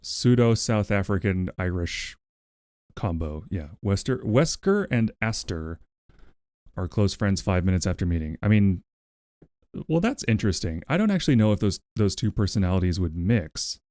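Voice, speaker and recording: A man with a lowish voice that swings up and down a lot, chatting with his livestream audience. He rambles wryly and swears offhandedly. The sound is close and dry, with no room around it. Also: very animated, normal speed, a little mellow, dry recording. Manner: rambling and wry, swears casually, talks to his pet. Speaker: streamer. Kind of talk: casual livestream chat with a co-working audience.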